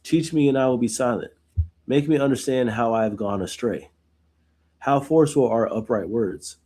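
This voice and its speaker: At a moderate pace and in a mellow, mid-range voice, a man reads Bible verses aloud during a study session. He then unpacks them informally, often asking "right?"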